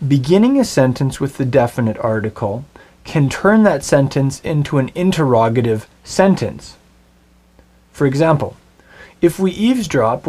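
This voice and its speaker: A man's voice: mid-range voice, darkish tone. Patient male Hebrew teacher. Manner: patient, slows to spell out Hebrew words. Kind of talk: recorded language lesson.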